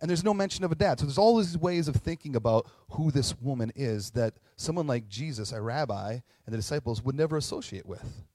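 A man's voice: medium pitch, brisk, few pauses, no echo. Conversational man preaching a sermon, dry sound. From Minnesota. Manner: conversational, animated, acts out quotes with asides. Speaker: pastor.

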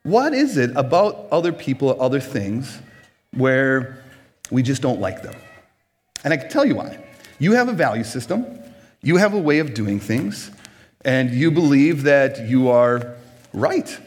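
A man's voice: mid-range voice, very animated, a little slow. A man in his forties from Minnesota, preaching a humorous sermon, joking and acting out little scenes as he goes.

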